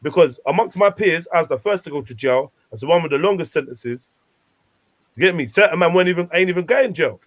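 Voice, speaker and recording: Passionate man with a high voice. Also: lively intonation, fast. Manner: passionate, emphatic, street slang. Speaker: show host. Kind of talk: casual panel chat.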